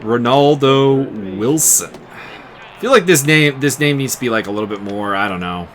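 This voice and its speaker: A man calls the action of his baseball game in a chatty, loose way, laughing often and riffing on player names. His voice is bright and swings up and down lively. Faint noise sits under the recording. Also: on the low side, normal speed. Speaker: game streamer commentating his baseball season. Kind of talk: casual play-by-play commentary.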